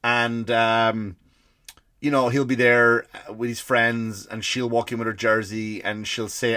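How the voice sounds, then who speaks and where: A man's voice: medium pitch, level tone, a little slow, sharp tone, dry recording, clean studio sound. An Irish man in his forties, a comedy podcast host, ranting in a rambling, profane way full of restarts. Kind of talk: comedic rant.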